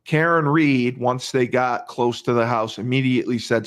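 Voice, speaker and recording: A man's voice: medium pitch, normal speed. A male podcast host retelling a crime case in casual talk, emphatic, repeating phrases and restarting often.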